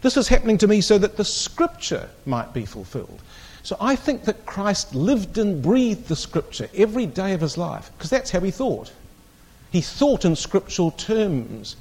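A man's voice: high voice, very animated, normal speed, darkish tone, breathy edge. A man teaching a Bible class, reading scripture aloud with strong emphasis and putting questions to the group.

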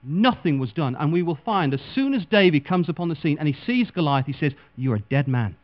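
A man preaching a sermon dramatically, acting out the people he quotes with big leaps in pitch and loudness. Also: lively intonation, fairly quick. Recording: dull lo-fi recording with mains hum.

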